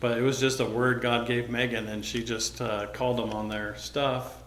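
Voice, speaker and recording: Pastor Man, mid pitch, casual conversational sermon storytelling, slips into quoted voices; recorded in a roomy, echoing church hall. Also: level tone, normal speed, a bit bright. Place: church sanctuary.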